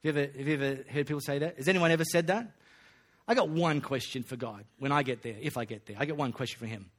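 Aussie pastor with a folksy, joking delivery in a mid-pitched voice. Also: male voice, fast talker. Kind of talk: sermon.

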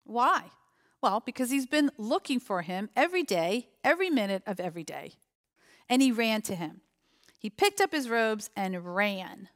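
A woman's voice: medium pitch, lively intonation, moderate pace. A woman giving a sermon, reading a parable aloud and reflecting on it with questions to her listeners. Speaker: preacher.

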